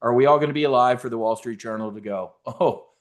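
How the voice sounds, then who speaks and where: A man's voice: mid-range voice, fast talker. A man hosting a trading seminar in a brash, casual way, cracking jokes, swearing, and stumbling over restarts as he talks. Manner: brash, animated, swearing, jokey asides. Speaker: options trading host.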